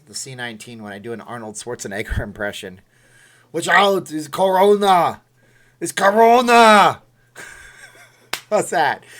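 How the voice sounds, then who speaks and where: A man's voice: mid-range voice, fairly bright tone. A man hosting a casual livestream, rambling and self-deprecating as he thanks viewers by name. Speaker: livestream host.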